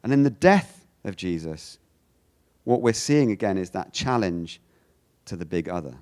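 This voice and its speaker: A man from the United Kingdom giving a lecture, animated, often restarting his sentences and acting out quoted lines. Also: low-pitched, a little slow. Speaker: speaker giving a talk.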